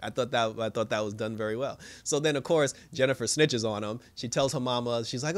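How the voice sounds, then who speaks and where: Speaking fairly quickly in a mid-range voice, a man reviews TV and runs through an episode in a casual, meandering way. He laughs a lot, animatedly performs what the characters said, and restarts himself often amid many fillers.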